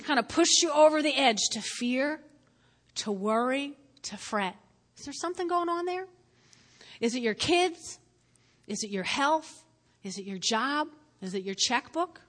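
A middle-aged woman preaching with a high, sharp, bright voice. She is animated, hammers points home by repeating words, and laughs often between lines. Her voice rings out with a long reverb in a church hall. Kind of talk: sermon.

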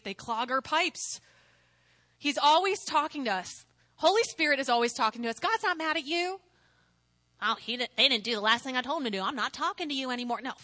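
Woman preacher, high and bright, animated, laughs a lot, acts out quotes. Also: dry recording, studio quality. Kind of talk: sermon.

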